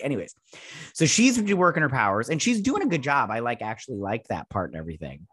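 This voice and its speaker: A man talks through a TV episode in a loose, rambling recap, blunt and quick to swear. His voice sits at an ordinary pitch and is recorded dry, with no room echo. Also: sing-song, a bit bright, husky. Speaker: show host reviewing a TV episode. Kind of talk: casual recap and review. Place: at home with a dog nearby.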